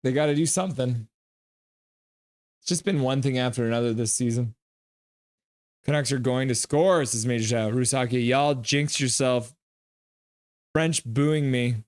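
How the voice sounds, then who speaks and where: A man's voice: mid-range voice, unhurried, pauses often, no echo, clean studio sound. Man streaming a hockey reaction. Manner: animated, reacts and jokes with chat. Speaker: live stream host. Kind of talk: live game reaction while reading chat.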